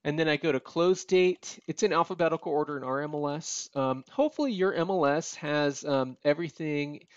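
A man's voice: on the high side, a little fast, hardly any pauses, clear, resonant tone, no room sound, lo-fi sound. A man giving a casual screen-share tutorial, tired and yawning, peppering his talk with "okay?" and "you know.". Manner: conversational, frequent "okay?" and "you know" asides. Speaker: real estate appraiser teaching a data tutorial.

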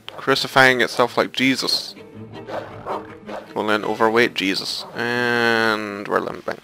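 Gravelly, sweary man narrating a game. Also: fairly low pitch, slow pace, long pauses, pushed and bright, low-quality recording. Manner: sweary, exasperated, muttering to himself. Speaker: let's play host. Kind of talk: profane gaming commentary. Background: violin game music.

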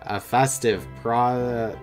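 A man's voice: medium pitch, fairly even intonation, soft background music. A man hosting a game play-through, reading the story text aloud and joking between passages in a playful manner. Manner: playful, quick to laugh. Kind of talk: narrating a text game with casual banter.

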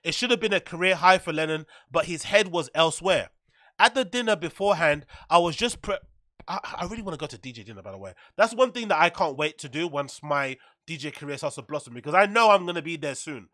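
A man's voice: a little high, lively intonation, quick pace, bright, forceful tone, no echo, studio quality. A young man hosting a podcast, reading an article aloud and breaking off into loose, profane, joking commentary. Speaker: podcast host.

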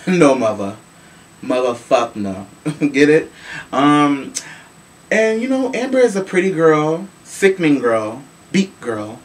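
A man from Chicago hosting a casual celebrity gossip show, sassy and animated, swearing freely. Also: fairly high pitch, slow. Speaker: show host. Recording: voice from a distance with faint room noise.

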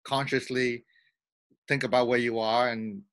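A man's voice: medium pitch, flat delivery, measured pace, a bit bright. A man hosting a casual interview over a video call, upbeat and asking loose questions. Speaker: interview host.

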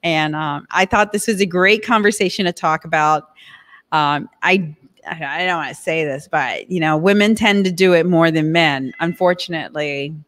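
A woman's voice: sits low, normal speed, fairly bright tone. A woman vlogger giving casual advice to the camera, chatty and direct, with many fillers and asides.

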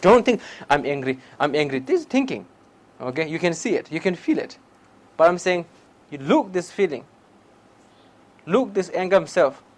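High-pitched male meditation teacher, plain broken English, short repeated lines, questions the room. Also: sing-song, moderate pace, poor audio. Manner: questions the listeners directly. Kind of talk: public talk on meditation.

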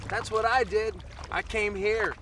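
Laid-back surf instructor. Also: male voice, sits high, fairly even intonation, unhurried, noisy background. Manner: laid-back surfer slang. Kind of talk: improvised film outtake.

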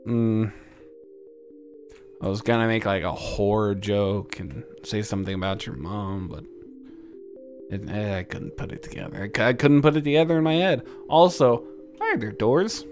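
A young man doing profane, jokey let's play commentary, swinging from mumbles to loud yells and laughs. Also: on the low side, moderate pace. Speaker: gaming YouTuber. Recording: game music underneath.

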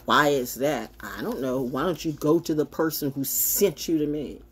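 A woman's voice: deep voice, moderate pace, breathy edge. A woman holding a casual, brash, sassy monologue to camera as a self-styled spiritual oracle, swinging from mocking asides to blunt remarks.

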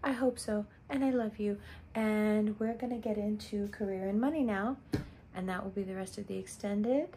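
A woman reading tarot for her audience in a loose, conversational way. She talks directly and repeats key phrases to drive a point home. Her voice sits at a middle pitch, with a faint hum of noise behind it. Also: moderate pace, mellow. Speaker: tarot reader. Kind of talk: casual astrology reading.

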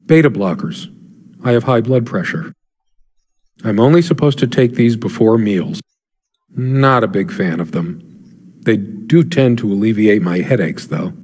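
An actor playing a brooding middle-aged husband, speaking a quiet, reflective inner monologue in a video game. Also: male voice, fairly low pitch, lively intonation, unhurried, pauses often, breathy edge, long reverb tail.

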